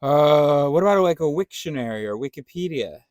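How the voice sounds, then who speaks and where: A man's voice: a little high, expressive, moderate pace, darkish tone, no room sound. A man vlogging in a casual, meandering monologue, thinking aloud with many fillers and restarts and swearing now and then.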